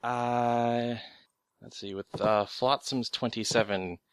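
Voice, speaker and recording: A man running a tabletop game as game master, relaxed and hesitant, with many pauses and ums. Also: medium pitch, clean tone.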